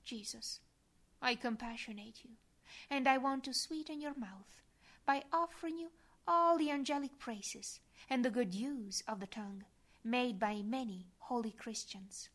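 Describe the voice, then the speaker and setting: A woman reads a devotional prayer at a measured pace, her voice slightly high. Soft and reverent throughout, she sometimes lowers it to a breathy whisper.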